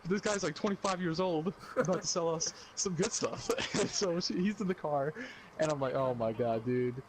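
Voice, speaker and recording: A young man on a podcast, telling a story in an animated way and acting out what people said. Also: sits high, normal speed, a little hiss or hum. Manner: animated, acts out quotes, laughs while telling. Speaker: podcast co-host. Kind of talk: casual storytelling.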